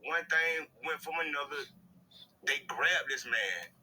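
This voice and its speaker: A man's voice: a little high, expressive, unhurried, pushed and bright, a little hiss or hum, poor audio. A man casually telling what he saw as a witness, in slangy everyday speech. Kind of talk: casual account in an interview clip.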